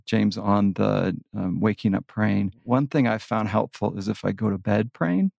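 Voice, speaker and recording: A man's voice: lowish voice, measured pace, vocal fry, a little mellow, no echo, clean studio sound. A man speaking candidly and self-deprecatingly in a reflective spiritual conversation.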